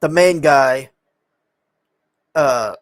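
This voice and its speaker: Guy rambling thru a movie recap, mid pitch, annoyed, swears a lot, dry close sound. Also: lively intonation, extremely slow, no echo. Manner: rambling, exasperated, swears often.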